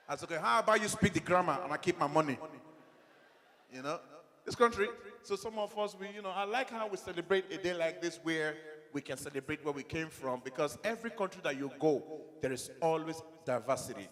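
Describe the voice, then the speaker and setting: A middle-aged man with a Nigerian accent doing a stand-up comedy set, animated, acting out dialogue in his stories. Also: high voice, fairly quick, big-room sound.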